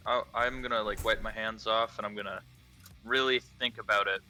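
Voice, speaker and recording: A man's voice: on the low side, fairly even intonation, fairly quick, pushed and bright. A man playing a tabletop game, casual and swearing freely. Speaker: player. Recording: faint music underneath.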